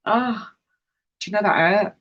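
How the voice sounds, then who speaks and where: A woman hosts a relaxed live stream, talking slowly and easily as she knits. She answers viewers' comments in a chatty, friendly way and laughs often. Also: mid-range voice, highs cut off. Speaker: livestream host. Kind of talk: casual chat while knitting, reading chat.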